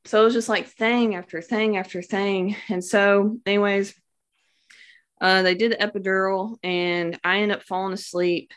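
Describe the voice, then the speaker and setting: Speaking at normal speed with a medium pitch and steady tone, a young woman recounts giving birth. It's a casual personal testimony, devout in spirit and sprinkled with fillers and praise.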